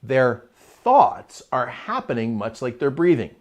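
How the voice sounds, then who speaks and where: A middle-aged man hosting a live motivational talk, chatty and energetic, with asides to his online chat. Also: medium pitch, takes it slowly. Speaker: host of a live motivational show.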